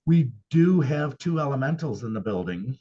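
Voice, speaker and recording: A man's voice: mid-range voice, big pitch swings, moderate pace, dark tone, breathy edge, lo-fi sound. A man who owns a paranormal venue, speaking as a guest in a casual interview and telling his experiences earnestly and emphatically.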